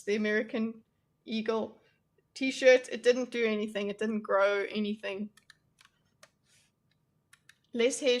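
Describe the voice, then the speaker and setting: A woman's voice: fairly high pitch, pushed and bright. A young woman hosting a casual livestream, chatting with her viewers in a self-deprecating way and laughing often. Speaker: livestream host. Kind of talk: casual livestream chat reacting to chat.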